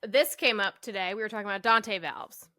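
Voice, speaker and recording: Bright, playful woman co-host. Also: medium pitch, brisk. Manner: teasing, laughing, playful. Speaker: podcast co-host. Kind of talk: casual chat.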